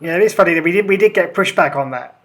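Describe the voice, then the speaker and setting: A man's voice: high-pitched, fast, fairly bright tone. A man, a guest author in a casual podcast discussion, talking animatedly and acting out quoted exchanges.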